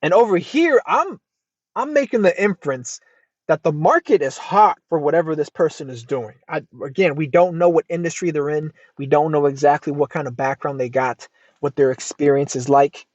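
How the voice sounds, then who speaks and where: An American man hosting a casual advice podcast, reacting to a post in an emphatic, lively way and swearing freely. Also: fairly high pitch, dry recording. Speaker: podcast host. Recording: dull lo-fi dry sound.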